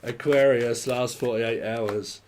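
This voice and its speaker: A man's voice: medium pitch, fairly even intonation, slow, darkish tone, a little hiss or hum. A man giving a casual, rambling tarot reading, often swearing and laughing. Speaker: tarot reader.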